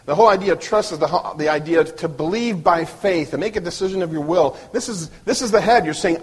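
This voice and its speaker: Husky guy preaching at church, earnest, keeps restarting words. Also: a little high, fairly quick, hardly any pauses. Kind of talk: sermon.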